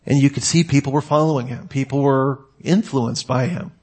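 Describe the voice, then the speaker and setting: A man's voice: mid-range voice, normal speed, a little mellow, husky. A man giving a sermon to his congregation, conversational with joking asides. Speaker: pastor.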